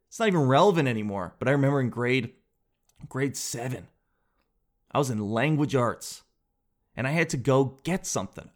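Man, thirties, podcast host, casual comic monologue, animated storytelling, mid pitch. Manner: animated storytelling, addresses listeners as dude and guys.

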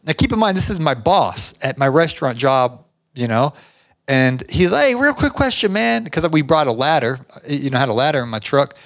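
A man's voice: medium pitch, moderate pace. A man hosting a podcast, telling a story casually and acting out the lines of the people in it. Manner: animated, acts out other people's lines. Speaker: podcast host.

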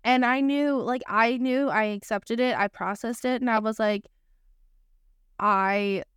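A woman's voice: on the high side, steady tone, a little slow, a bit bright, clear, resonant tone, no room sound, studio quality. A woman co-hosting a podcast, speaking bluntly and matter-of-factly in casual conversation. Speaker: podcast co-host.

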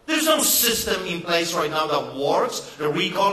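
A man delivers an impassioned political rally speech, emphatic and sarcastic. His voice sits a bit high and sounds bright and forceful. It bounces around a roomy, echoey hall. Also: big pitch swings, unhurried, hardly any pauses. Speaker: rally speaker. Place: event hall.

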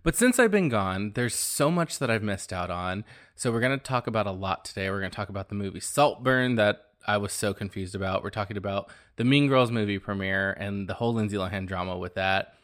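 Animated gossipy male podcast host. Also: fairly low pitch, a little fast. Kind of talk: casual gossip chat.

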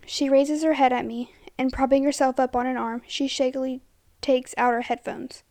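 A woman with a high, slightly gravelly voice reads a first-person horror story aloud. Her delivery is steady and dramatic, and at times she drops to a hushed tone. The sound is dry and close. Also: normal speed, dry recording.

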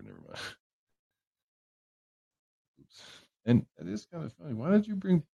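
A man's voice: mid-range voice, warm tone, no echo, muffled recording. A man hosting a livestream, chatting casually and joking as he greets viewers by name. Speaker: livestream host. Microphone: headphones on a livestream setup.

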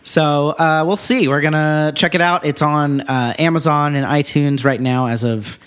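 A man co-hosting a podcast, recapping a movie in relaxed, casual chat with easy laughs and some swearing. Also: a little high, moderate pace, clear, resonant tone. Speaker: podcast co-host.

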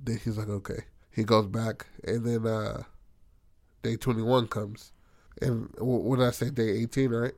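The recording is dry, and the man's fairly low voice runs a little slow. Swearing as he goes, he casually narrates what happened in a tabletop game and acts out lively lines for each character.

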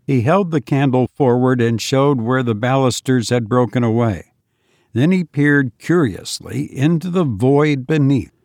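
A man narrating a ghost story in a measured, steady way. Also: medium pitch, no room sound, studio quality. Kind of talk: scripted narration.

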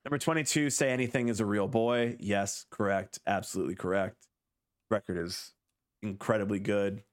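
Man in his thirties, low voice, rambling casual chat, wry, lots of fillers. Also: steady tone, moderate pace. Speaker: podcast co-host.

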